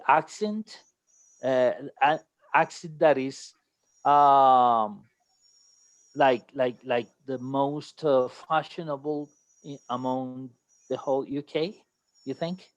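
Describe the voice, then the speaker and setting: A man's voice: medium pitch, fairly even intonation, slow pace, clear, resonant tone, dry recording, highs cut off. Hesitant man. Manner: hesitant, searching for words in English. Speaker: class moderator. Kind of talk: moderating an online class.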